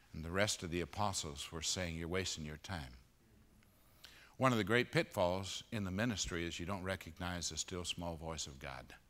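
A man preaching a sermon at a conference, moving between loud emphatic peaks and hushed low passages. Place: conference auditorium.

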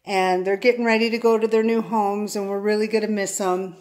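A woman dog breeder talking casually to camera, switching between high sing-song calls and softly murmured praise for puppies. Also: flat delivery, brisk. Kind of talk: casual vlog talk to camera.

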